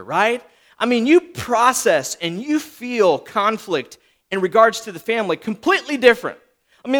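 Man, very high voice, lively swings in pitch, preaching a sermon, conversational, acts out quick voices. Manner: conversational, acts out little voices, frequent "right?".

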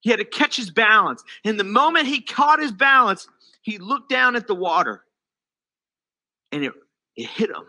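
A man delivers a sermon with a very bright, high-pitched voice. He is animated and acts out the voices of the people in the story as he preaches. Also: moderate pace, pauses often. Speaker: pastor.

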